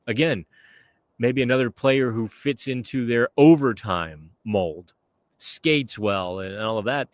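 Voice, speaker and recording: A chatty man hosts a casual podcast outdoors by the water on a windy day. His voice sits at a middle pitch and sounds dry and close, with no room around it. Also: slow, dry recording. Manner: chatty, conversational. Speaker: podcast host. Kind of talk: casual on-camera chat.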